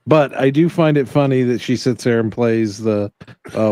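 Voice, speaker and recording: A man's voice: mid-range voice, normal speed, dark tone, dry recording. A man hosting a casual podcast chat, wry and joking.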